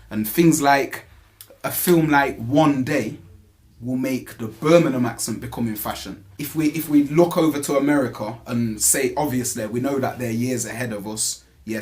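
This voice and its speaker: A man's voice: mid-range voice, a little mellow. Young guy, grime mc in a casual interview, lots of slang, keeps saying you get me, repeats words starting out. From England.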